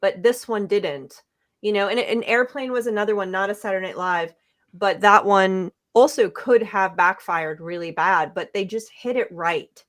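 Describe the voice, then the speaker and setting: A woman's voice: medium pitch, normal speed. Chatty woman podcast co-host. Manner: chatty, rambling, self-correcting. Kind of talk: casual chat.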